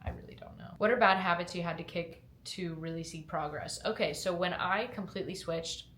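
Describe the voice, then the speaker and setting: A woman's voice: on the low side, normal speed, a bit bright, a little hiss or hum. A young woman vlogger from upstate New York, raised in Georgia, with a slight Southern twang, answering viewer questions in a candid, chatty way with fillers. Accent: slight Southern twang mixed with upstate New York. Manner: candid, chatty, hedging with fillers, upbeat when motivating. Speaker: fitness lifestyle vlogger. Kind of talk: casual Q&A chat to camera. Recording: echoey room.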